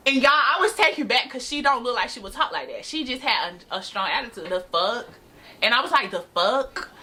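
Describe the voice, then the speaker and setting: A young woman telling a casual, animated storytime to camera, slangy and laughing often. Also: a little high. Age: young adult. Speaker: storytime vlogger. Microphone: camera mic.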